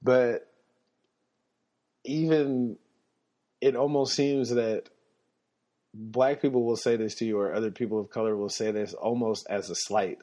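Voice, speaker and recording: A man hosting a podcast, telling personal stories in a casual, animated way and chuckling as he goes. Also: measured pace, long pauses. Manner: animated, chuckling, jumps up in pitch when quoting people. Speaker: podcast host. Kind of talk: casual storytelling monologue. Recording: slightly muffled lo-fi podcast audio.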